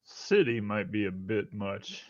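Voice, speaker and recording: A man's voice: on the low side, measured pace, dry recording, dull audio. A man running a tabletop game as game master, answering players briefly and matter-of-factly. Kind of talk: narrating a tabletop game over voice chat.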